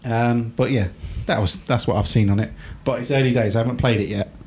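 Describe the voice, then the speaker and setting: A man's voice: medium pitch, fairly even intonation, a little fast, a little mellow, slight background noise. A man co-hosting a podcast in casual chat, rambling a bit, filling gaps with fillers and poking fun at himself. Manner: rambling, self-mocking, lots of fillers. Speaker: podcast co-host.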